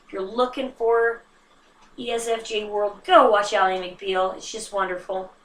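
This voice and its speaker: A woman's voice: mid-range voice, unhurried, distant mic. Chatty woman in an echoey room. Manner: chatty, self-mocking, animated with sudden hushed asides. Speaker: vlogger. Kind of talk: casual chat to camera. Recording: roomy echo, slightly off-mic.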